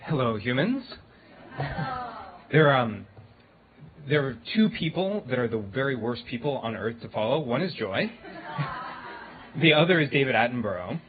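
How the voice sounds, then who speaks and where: A man's voice: mid-range voice, very animated, moderate pace, long pauses, some chatter behind. A man speaking casually to a live audience, loose and chatty with many fillers. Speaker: guest speaker on AI and animal communication. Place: event hall before an audience. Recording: tinny phone-like recording with faint noise.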